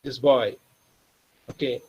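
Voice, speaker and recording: A man with an Indian English accent training teachers, telling a story earnestly and calling listeners "my dear friends", dropping softer for tender moments. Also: mid-range voice, fairly even intonation, breathy edge, highs cut off. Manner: slows and softens for emotional moments. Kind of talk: storytelling lecture. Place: online training session.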